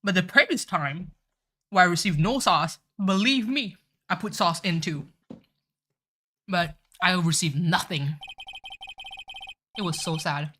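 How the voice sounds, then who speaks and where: Chatty bright-voiced woman streamer. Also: lowish voice, a little slow, pauses often. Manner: chatty, swears, lots of "like". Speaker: streamer playing a game. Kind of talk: casual live-stream chat.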